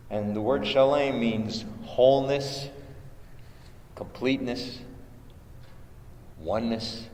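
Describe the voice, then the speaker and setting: A man leading a contemplative prayer workshop, giving gentle instructions with hesitant restarts and chanting syllables. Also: mid-range voice. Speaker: meditation teacher. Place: large chapel with long reverb. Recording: echoey chapel recording, faint hiss.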